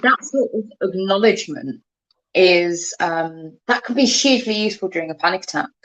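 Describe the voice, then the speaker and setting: A woman's voice: fairly low pitch, moderate pace, muffled recording. A woman in a casual chat who explains ideas and acts out the inner voice of her own thoughts.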